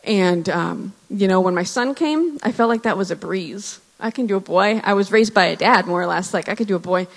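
Earnest woman in her thirties, reverberant hall. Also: medium pitch. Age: 30s. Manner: earnest, reflective, with pauses and restarts. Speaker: church speaker sharing testimony. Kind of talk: personal testimony in church.

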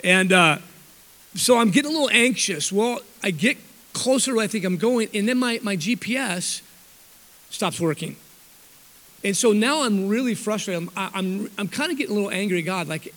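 A man's voice: sits high, animated, moderate pace, a bit bright. A man telling a rambling, self-mocking story to a church audience, often correcting himself mid-sentence. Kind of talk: storytelling talk. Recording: long hall reverb.

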